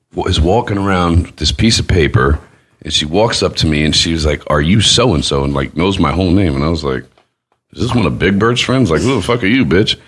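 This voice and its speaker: A man hosting a casual podcast, swearing freely and telling stories in an animated way. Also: a bass voice. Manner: animated, swearing, acts out voices in his stories. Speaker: podcast host. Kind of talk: casual storytelling chat.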